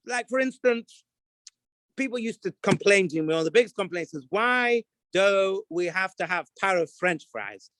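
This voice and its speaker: A man, a rabbi, talking casually about kosher supervision, acting out little scenes and now and then bursting into shouts. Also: sits high, no echo. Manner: animated storyteller, acts out scenes, jumps to shouts. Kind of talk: casual talk to camera.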